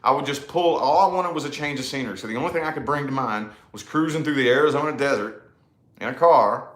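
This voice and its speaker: A man telling a personal story in loose, casual talk, with a relaxed drawl and frequent swearing. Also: medium pitch, fast talker. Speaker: podcast co-host. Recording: echoey room.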